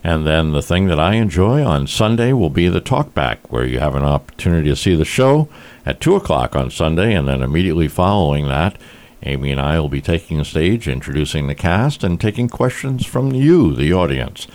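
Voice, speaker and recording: A man from Rhode Island hosting a casual interview about a theater show, talking in a relaxed, conversational way. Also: a bass voice, fairly quick. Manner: conversational, uses fillers. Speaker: radio host.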